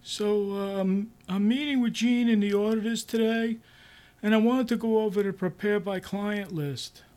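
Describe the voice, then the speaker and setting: A man's voice: high voice, fairly even intonation, a little slow, darkish tone, voice pushed up. A man doing an awkward, hesitant new boss. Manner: hesitant, full of "uh" and "um".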